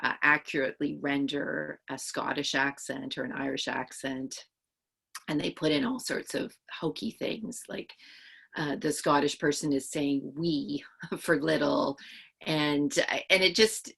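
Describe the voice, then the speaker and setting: Woman author w a low raspy voice, bright edge, talks things through w lots of restarts. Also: normal speed. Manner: thoughtful, explaining at length with many restarts. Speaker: author being interviewed. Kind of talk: interview answers.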